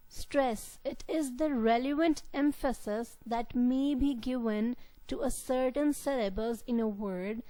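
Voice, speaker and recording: A woman lecturing on pronunciation, explaining slowly and repetitively and correcting herself as she goes. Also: a little high, dark tone, low-quality recording. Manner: slow, repetitive explaining with frequent self-corrections. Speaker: English lecturer. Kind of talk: recorded university lecture.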